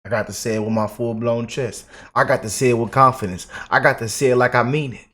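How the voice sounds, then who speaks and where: A man's voice: mid-range voice, steady tone, quick pace, fairly bright tone. A man hosting a casual online commentary video, hyped up and repeating himself. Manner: hyped, repeats himself, quotes imagined critics. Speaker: commentary channel host.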